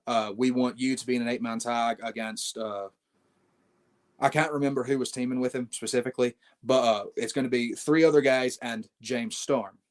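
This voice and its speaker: A brash young man, a wrestling champion, telling swaggering stories in a casual interview and calling people mate. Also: medium pitch.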